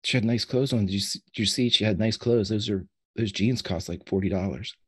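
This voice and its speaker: A man voicing a confused, tearful teenage boy in a tabletop game, pleading and halting, repeating himself. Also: lowish voice, slightly rough. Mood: wistful.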